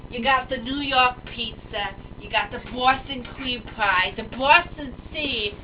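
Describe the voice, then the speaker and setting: A woman's voice: fairly high pitch, unhurried, far from the mic, natural voice. A woman playing a brash, rambling middle-aged East Coast mom in an improvised home comedy skit, boasting and mixing up places. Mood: boastful. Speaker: talk show guest. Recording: muffled, hissy home camera audio, off-mic.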